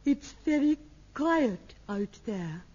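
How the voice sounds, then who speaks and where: A wooden amateur actress. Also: female voice, high-pitched, lively intonation, takes it slowly, a little mellow, slight background noise. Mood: stilted. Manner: stilted, wooden line reading. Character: stiff young female amateur actress reading a melodrama part. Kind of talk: 1960s radio sitcom acting. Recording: dull lo-fi old radio recording.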